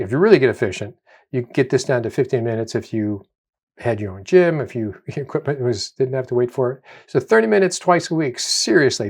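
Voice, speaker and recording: A man's voice: mid-range voice, darkish tone. A middle-aged man, a doctor, giving a spoken health lecture, emphatic and repeating key phrases for stress. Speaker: doctor presenting a health video.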